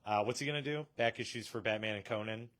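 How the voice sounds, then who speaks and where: A man's voice: on the low side, quick pace, a bit bright. A man hosting a casual live stream from a comic shop, joking and laughing often.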